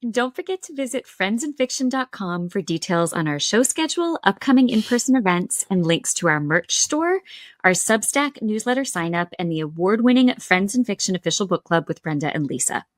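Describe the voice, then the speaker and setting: A woman's voice: medium pitch, expressive, fairly quick, no room sound. A woman co-hosting a book podcast, reading out the show's announcements and reacting to a guest. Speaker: podcast co-host.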